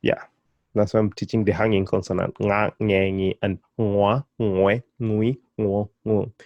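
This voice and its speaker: Slow, encouraging man teaching. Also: on the low side, little pitch movement, darkish tone, no room sound, muffled recording. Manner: patient, encouraging, repeats syllables slowly. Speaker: language teacher. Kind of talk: beginner pronunciation lesson.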